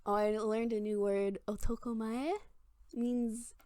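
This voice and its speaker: A woman's voice: fairly high pitch, little pitch movement, measured pace, warm tone, clean tone, dry recording. A woman of twenty-one telling funny stories to camera in a chatty, self-mocking way, full of "like". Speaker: vlogger. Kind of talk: casual storytelling to camera.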